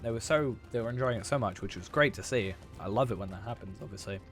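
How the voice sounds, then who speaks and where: A young man with a fairly low voice chats loosely while he plays, circling back and correcting himself with plenty of fillers. His voice sounds a little hoarse. Faint music plays behind him. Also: fast talker. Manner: rambling, filler-heavy, self-correcting. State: hoarse after losing his voice. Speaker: streamer. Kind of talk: casual chat while gaming.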